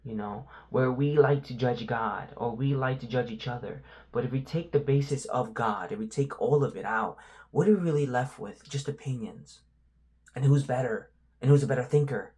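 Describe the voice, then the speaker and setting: Male vlogger sharing his struggles with faith in a candid, halting, reflective way. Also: mid-range voice, warm tone. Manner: reflective, halting, lots of "you know" fillers.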